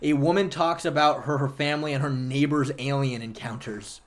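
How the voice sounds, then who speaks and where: A man's voice: mid-range voice, steady tone, normal speed. A man hosting a livestream, chatting casually and argumentatively with viewers and swearing freely. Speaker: livestream host.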